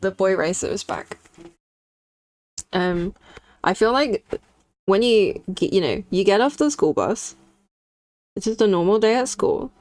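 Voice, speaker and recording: A woman's voice: medium pitch, expressive, a little slow, long pauses, darkish tone. A young woman streaming while she draws, chatting candidly and reacting to her chat. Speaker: streaming artist.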